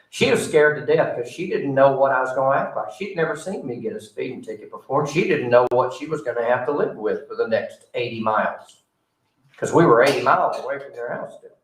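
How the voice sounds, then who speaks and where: Folksy man preaching in a roomy church. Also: medium pitch. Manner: folksy, conversational, with a joking aside. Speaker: pastor. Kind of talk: sermon with personal storytelling. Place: church sanctuary. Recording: roomy sound from a distant mic.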